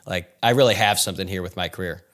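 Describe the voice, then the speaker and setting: A man's voice: sits low, fast talker, fairly bright tone. A man hosting a podcast, asking questions in a curious, conversational way. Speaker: podcast host, interviewer. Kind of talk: interview questions.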